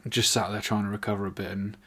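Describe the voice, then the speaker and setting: A man's voice: lowish voice, level tone, fast, bright, forceful tone, husky. A young man casually telling a rambling, sweary story, full of "like" fillers. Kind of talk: casual anecdote.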